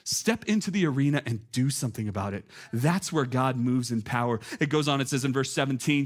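A man in his thirties preaching a sermon as a pastor, conversational and animated, full of filler words, climbing toward near shouts. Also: medium pitch, fairly quick, few pauses.

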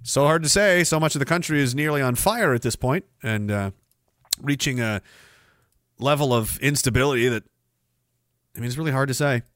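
A man's voice: medium pitch, normal speed, long pauses, fairly bright tone, dry recording, studio quality. A man hosting a livestream, ranting sarcastically about the news and reading out viewer comments. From Canada. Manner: sarcastic, ranting, swears freely. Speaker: livestream host.

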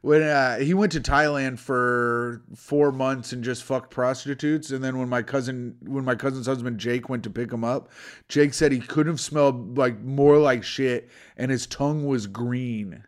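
A man's voice: mid-range voice, fairly even intonation, a little slow. A man co-hosting a podcast in casual chat, telling rambling, profane stories full of "like". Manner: rambling, profane storytelling with lots of "like". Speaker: podcast co-host.

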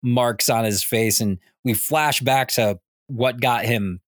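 A man's voice: mid-range voice, takes it slowly, no room sound, clean studio sound. Rambling man retelling a comic. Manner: rambling retelling with many fillers. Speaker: podcast co-host. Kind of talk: casual comic book chat.

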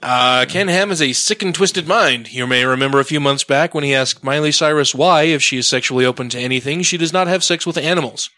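Bright-toned talkative man, dry close sound. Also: on the high side, fairly quick, few pauses, no echo. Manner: animated, reads quotes in a mock British tone. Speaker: podcast co-host. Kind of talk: casual chat reading out a blog post.

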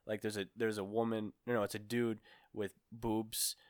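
A man's voice: lowish voice, flat delivery, normal speed, no echo, studio quality. A man on a casual podcast, rambling through a funny story and laughing often. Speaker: podcast co-host.

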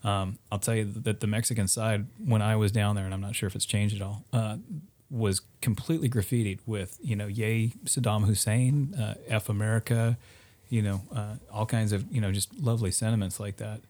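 Measured, hesitant man in casual talk. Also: fairly low pitch, steady tone, a little mellow. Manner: measured, hesitant, with many "uh, you know". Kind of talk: casual chat.

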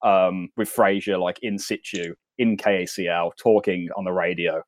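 A man talking in a relaxed, meandering way, filling his sentences with little hesitations. His voice sits a bit low and the sound is very dry and close. He is co-hosting a chatty podcast. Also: normal speed, no echo. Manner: rambling, lots of "like" and "um". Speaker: podcast co-host. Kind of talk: casual chat about a sitcom.

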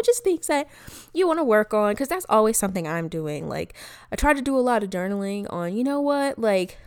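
Young woman podcast host, cussing and candid, smooth clear voice, dry close sound. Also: medium pitch, no room sound. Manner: candid, profane, laughs often, drawn-out reflective asides. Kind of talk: casual personal chat.

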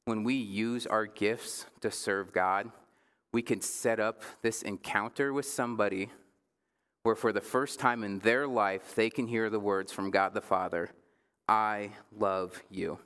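A man in his thirties, a pastor giving a casual sermon, joking with the congregation and slowing down for emphasis. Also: fairly low pitch, fairly even intonation, fairly bright tone, clear, resonant tone, in a large hall. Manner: conversational preaching with jokes and slow emphatic phrases. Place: church sanctuary.

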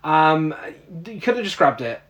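Exasperated man, slightly high. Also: big pitch swings, a little slow, fairly bright tone, lo-fi sound. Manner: incredulous, laughing, exasperated. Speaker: podcast co-host. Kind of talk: casual film recap chat.

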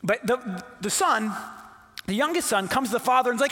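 A man's voice: very high-pitched, lively intonation, normal speed, a bit bright. A man, a pastor, telling a Bible story in a casual, playful sermon that acts out the characters. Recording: long hall reverb.

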